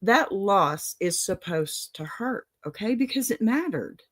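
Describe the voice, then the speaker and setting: With a dog in the room, a woman hosts an advice show, speaking gently and reassuringly to a viewer in a casual way and dropping apologetic asides. Her medium-pitched voice is expressive and a little slow.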